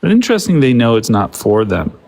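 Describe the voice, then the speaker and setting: A man's voice: medium pitch, huge pitch swings, brisk, creaky, a little mellow. A man co-hosting a podcast over a phone with a weak signal, who talks in a flustered, joking way with many restarts. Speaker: podcast co-host.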